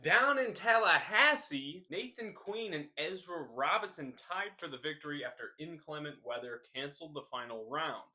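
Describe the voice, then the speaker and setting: A young man hosting a scripted news recap with deadpan, jokey asides and rambling tall tales. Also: on the high side, moderate pace, few pauses, music in the background. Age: young adult. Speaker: host.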